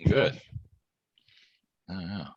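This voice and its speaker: A man hosting a group video call, chatting in a relaxed way and laughing as he retells a story. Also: low voice, takes it slowly, slightly rough, no echo, lo-fi sound. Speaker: host of an online practice group. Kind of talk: casual video-call chat.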